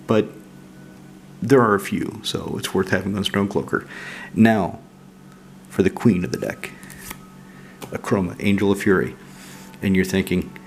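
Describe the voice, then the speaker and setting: A man casually walking through his card game deck, relaxed and rambling with frequent fillers. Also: sits low, gravelly, slight background noise. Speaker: card game channel host.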